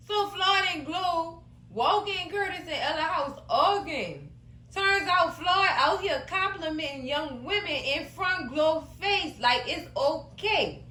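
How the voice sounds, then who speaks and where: Sassy, bright-voiced woman recapping a show. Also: sits high, unhurried, roomy sound, poor audio. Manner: sassy, animated, talks to viewers as cousins. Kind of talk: casual recap commentary.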